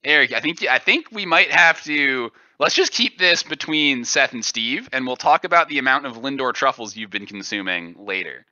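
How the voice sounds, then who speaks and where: Bright-voiced rambling podcast guy. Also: medium pitch, lively intonation, moderate pace, few pauses, no echo, muffled recording. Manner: rambling, gropes for words with fillers. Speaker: podcast co-host. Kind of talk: goofy comedic podcast banter.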